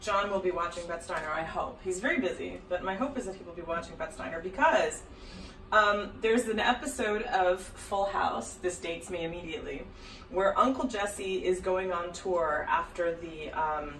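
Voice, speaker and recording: A woman's voice: on the low side, moderate pace, a bit bright, distant mic, slight background noise. A woman singer-songwriter chatting as a guest, chatty with wry asides. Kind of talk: casual chat. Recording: echoey room, voice a bit off-mic.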